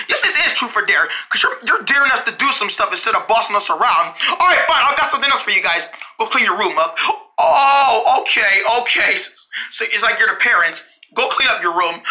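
A storyteller acting out an improvised toy play, switching quickly between bossy and whiny character voices and giggling through lines. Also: medium pitch, sharp tone. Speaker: storyteller voicing every character.

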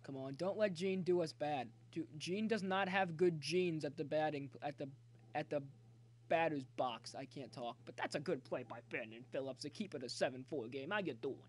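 A man streaming a baseball video game, talking chattily to viewers and yelling excitedly at the plays. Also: a little high, normal speed. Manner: excitable, cheers and yells at the game; talkative, jokey banter with viewers. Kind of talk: live gameplay commentary.

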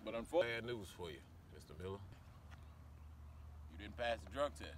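An actor playing a loud, bossy football coach in a web series, barking orders in folksy slang. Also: male voice, fairly low pitch, expressive, fast, recorded from a distance, slight background noise, lightly acted. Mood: stern.

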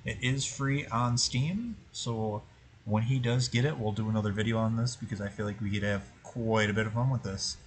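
A man's voice: lowish voice, steady tone, normal speed, poor audio. A man hosting his own gaming channel, muttering and cursing to himself through a game, then wrapping up with commentary for viewers. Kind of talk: gameplay commentary.

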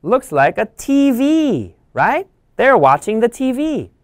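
A woman English teacher reading a picture book aloud for children, animated and full of gasps as she explains each line. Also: a little high, slow, dry recording, clean studio sound. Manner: animated, gasping, bilingual explaining.

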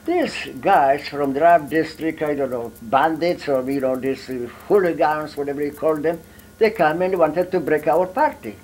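Elderly Polish veteran, halting storyteller, slight room hum. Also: male voice, a little high, a little mellow, low-quality recording. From Poland. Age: 80s. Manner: halting, broken English with many fillers. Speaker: war veteran interviewee. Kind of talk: storytelling in an interview.

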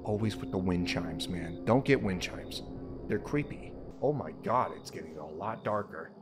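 A man's voice: low voice, lively intonation, moderate pace. A young man giving jokey, jumpy commentary while playing a horror game, swearing and talking to himself. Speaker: let's play host. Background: game music.

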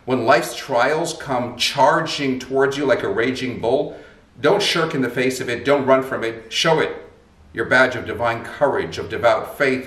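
A man's voice: medium pitch, a bit bright. A man, a rabbi, giving a short sermon in an emphatic, rhetorical style. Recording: roomy, mic at a distance.

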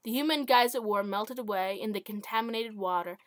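A woman's voice: medium pitch, a little fast, fairly bright tone, dry recording. A woman reading her own short story aloud, stumbling over words and correcting herself. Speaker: amateur author.

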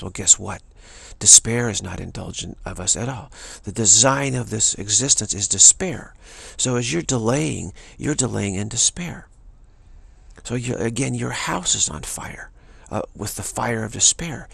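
Gravelly-voiced man giving a spiritual talk. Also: on the low side, a little slow, fairly bright tone, no room sound. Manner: emphatic, repetitive, many restarts. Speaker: spiritual teacher.

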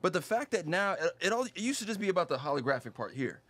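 A man's voice: high-pitched, fast talker. A man guesting on a podcast, chatting with enthusiasm. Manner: animated storyteller, enthusiastic. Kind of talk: casual chat.

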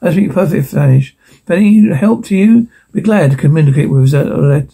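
A man reading the lines of a cocky, smart-mouthed teenage boy from a film script, with a gravelly edge. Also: a little high, expressive, a little fast, warm tone, exaggerated voice. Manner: cocky, smooth-talking.

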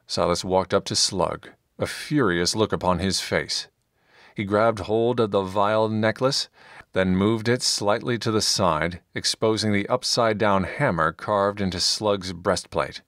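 A man narrating a fantasy audiobook in steady, measured scripted narration on a close studio mic. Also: low voice, no room sound.

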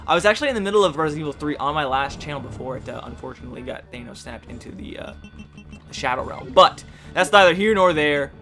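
A young man doing rambling, joking commentary while playing a video game, often yelling at it. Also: a little high, animated, fast, soft background music. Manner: goofy, rambling, yells and jokes at the game. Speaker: gaming YouTuber. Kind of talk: let's play commentary.

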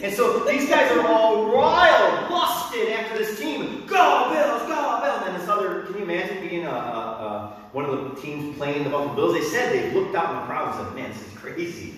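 A middle-aged man preaching a sermon as pastor, animated and bursting into shouts when he acts out crowds and drill sergeants. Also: high voice, a little fast, few pauses. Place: church sanctuary. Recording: echoey hall, mic from a distance.

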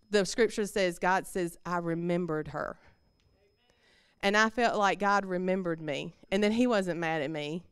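A woman's voice: medium pitch, clean tone, no room sound, clean studio sound. Woman sharing a heartfelt testimony. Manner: conversational, heartfelt storytelling with fillers. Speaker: church member giving testimony. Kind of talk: personal testimony in a church service.

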